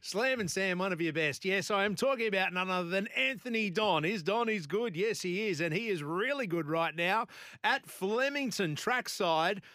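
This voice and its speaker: A man's voice: sits high, lively intonation, sharp tone, no echo. A man, hosting a morning radio show in a chatty, storytelling way. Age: 40s. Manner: chatty storyteller, quick asides and laughs. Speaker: radio host. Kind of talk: casual radio chat. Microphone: studio microphone.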